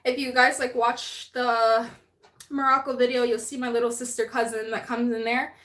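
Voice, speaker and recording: A woman's voice: a little high, level tone, moderate pace, fairly bright tone. A young woman hosting a live stream, chatting casually, laughing often and reading viewer comments, a bit out of breath.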